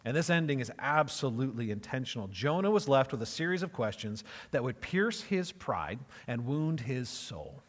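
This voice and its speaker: A man's voice: mid-range voice, very animated, normal speed, few pauses, in a large hall. A man preaching a sermon as pastor, emphatic and conversational, repeating phrases for effect.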